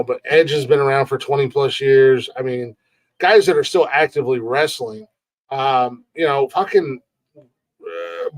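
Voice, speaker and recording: A man co-hosting a casual podcast, talking with lots of swearing and laughter. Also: medium pitch. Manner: profane, rambling, laughing often. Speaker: podcast co-host.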